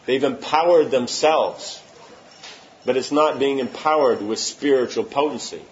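A man's voice: mid-range voice, a little slow, slight background noise. A man giving an informal religious talk, answering questions emphatically and often checking that listeners follow. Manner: emphatic, keeps asking "you know what I'm saying?". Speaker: spiritual teacher. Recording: muffled lo-fi recording.

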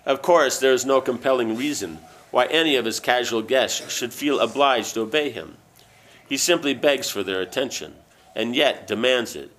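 A man reading a book aloud and breaking off into loose, halting asides full of fillers. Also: mid-range voice, animated, fairly bright tone. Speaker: reader.

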